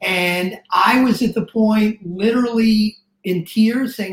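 An earnest middle-aged man speaking as a guest coach in casual interview talk. He gets emotional and rushes into restarts as he tells his story. The sound is roomy, with a noticeable echo. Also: high voice.

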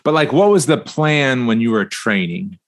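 Male host, relaxed interviewer, short affirmations, curious follow-ups, mid pitch. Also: moderate pace. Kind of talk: casual interview.

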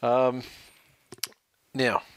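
A man's voice: medium pitch, monotone, drawn-out words, clear, resonant tone, no room sound, clean studio sound. An Australian man co-hosting a casual podcast, telling blunt, sweary stories and reading out a listener's email. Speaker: podcast co-host.

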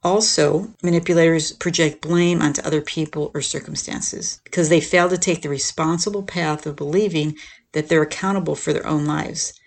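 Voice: mid-range voice, normal speed, creaky. A podcast host explaining things in a casual, conversational way, often checking in with "right?" and "you know". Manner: acts out quoted lines in a lifted, animated voice. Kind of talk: casual explanatory talk on relationships.

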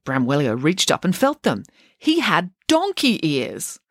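Woman reading a storybook with lively expression. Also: lowish voice, measured pace, no room sound, studio quality. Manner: expressive, animated. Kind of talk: storybook read-aloud.

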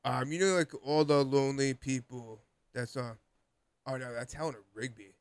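A young man co-hosting a podcast talks loosely in a casual chat, full of "like" and frequent laughter. His smooth, mid-range voice is steady at a moderate pace, recorded with no room sound.

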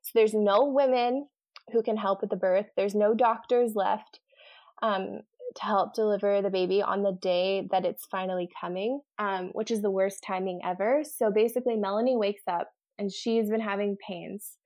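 A woman's voice: mid-range voice, steady tone, highs cut off. Chatty young woman retelling a story. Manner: chatty, laughing, acts out characters' lines in quick paraphrase. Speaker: co-host retelling a novel. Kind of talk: casual chat.

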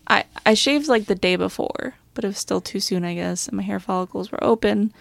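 A woman's voice: mid-range voice, brisk, gravelly, no echo. A woman co-hosting a podcast in casual chat, swearing often and filling her talk with "like". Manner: swears often, chatty, trails off with "like". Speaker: podcast co-host.

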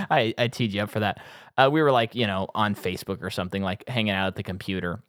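A man co-hosting a casual movie podcast, telling a long funny story and acting out movie lines in sudden high voices. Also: quick pace, fairly bright tone, no echo, studio quality. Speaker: podcast co-host.

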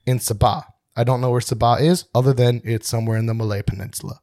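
A man's voice: mid-range voice, fairly even intonation, fast talker, darkish tone, no echo, clean studio sound. A young man co-hosting a podcast in casual chat, rambling and poking fun at himself. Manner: rambling, self-mocking, laughs often. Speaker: podcast co-host.

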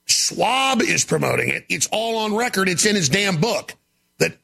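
A man hosting a talk show, delivering an emphatic, ranting monologue with a gravelly voice. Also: a little high, very animated, a little fast. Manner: gravelly, shouting, emphatic rants.

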